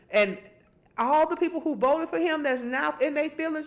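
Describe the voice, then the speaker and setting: A middle-aged woman, hosting and telling stories in casual, animated chat. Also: moderate pace. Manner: animated storytelling, swings high and low. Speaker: host.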